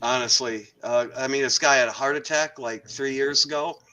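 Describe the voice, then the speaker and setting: A man's voice: mid-range voice, fairly even intonation, normal speed, sharp tone, low-quality recording. A man in a casual podcast chat, telling a work anecdote in a dry, wry way, with frequent ums.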